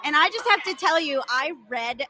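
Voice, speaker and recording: Lively high-pitched excitable woman. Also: normal speed, over loud music, low-quality recording. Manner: upbeat, excitable. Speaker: co-host. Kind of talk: casual live-stream banter.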